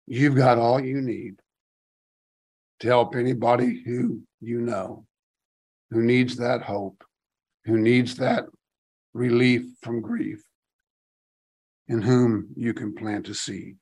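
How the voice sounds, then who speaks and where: A man's voice: mid-range voice, fairly even intonation, slow pace, pauses often, a little mellow. Man teaching from scripture. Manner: reads scripture aloud with commentary, rising emphatically on key phrases; casual asides. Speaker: Bible teacher. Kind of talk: Bible study teaching.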